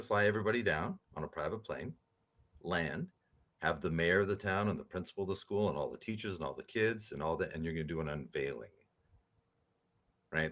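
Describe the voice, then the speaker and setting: A man, a podcast guest, telling animated stories and often asking "right?" as he talks. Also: low-pitched. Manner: animated storyteller, rhetorical "right?" tags. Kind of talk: storytelling interview talk.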